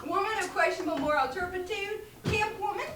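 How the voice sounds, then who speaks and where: A woman's voice: very high-pitched, far from the mic. An actress playing a teasing, catty diner waitress, drawing out her jabs. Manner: teasing, drawn-out catty delivery. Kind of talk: stage acting in a live play. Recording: echoey stage from afar, loud hiss.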